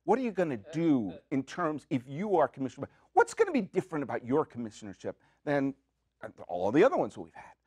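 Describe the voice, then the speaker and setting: A man in his thirties or forties hosting a comic solo podcast in a high, wildly swooping voice. He rambles with excitable jokes and quick asides. The sound is dry and close, taped in a small community media studio. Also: breathy edge, dry recording. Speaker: podcast host.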